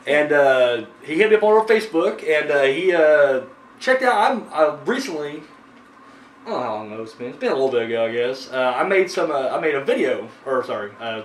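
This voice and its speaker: A man hosting a horror movie review show, chatting casually and rambling with lots of fillers and swearing. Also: on the high side. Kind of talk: casual chat. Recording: echoey room from a distance with faint noise.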